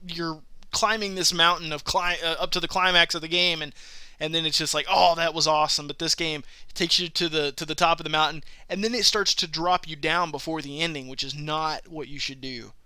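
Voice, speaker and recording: Host, male, high, very bright voice, rambling animated storyteller, dry close sound. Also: fairly quick, smooth, no room sound. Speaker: podcast host. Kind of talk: casual gaming chat.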